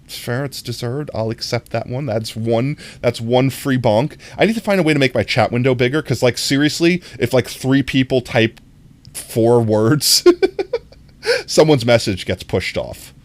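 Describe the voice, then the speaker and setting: A man's voice: mid-range voice, measured pace. A young American man chatting casually on a live stream, reading chat aloud, rambling and often laughing.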